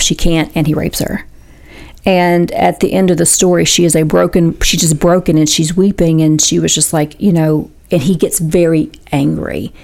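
Gravelly low-voiced woman radio host. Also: darkish tone. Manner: earnest, retelling a story with many fillers and restarts. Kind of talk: radio talk show storytelling.

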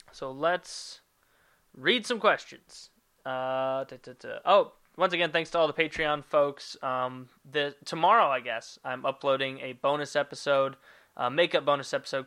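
Bright, profane male podcast host. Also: mid-range voice, smooth. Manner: loose and profane, rambling asides, hums filler syllables. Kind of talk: casual podcast chat, reading listener questions.

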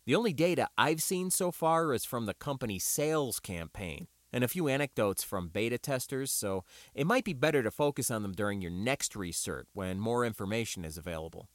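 A man reading an audiobook and voicing a round, easygoing male weapons instructor who lectures in a relaxed, explanatory way. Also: mid-range voice, fairly quick, few pauses, no room sound, close to an everyday voice. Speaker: teacher. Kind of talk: audiobook character voice.

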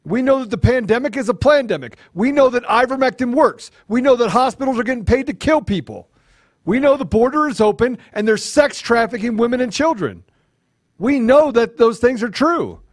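A fervent male talk-show co-host with a high, very lively voice that swings up and down. He hammers his points by repeating them. The sound is close and dry. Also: fairly quick, no echo. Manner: fervent, repetitive, builds to angry emphasis.

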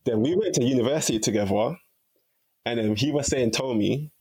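A young man, a podcast guest telling stories in a relaxed, chatty way. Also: medium pitch, fairly quick, slightly rough, rough recording. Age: young adult. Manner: chatty and relaxed, heavy use of "like". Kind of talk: casual storytelling chat.

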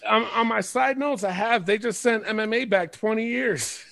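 A man hosting a casual wrestling podcast over a remote call, talking in an animated, profane, playful way. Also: high voice, normal speed, vocal fry, dry recording. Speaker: podcast host.

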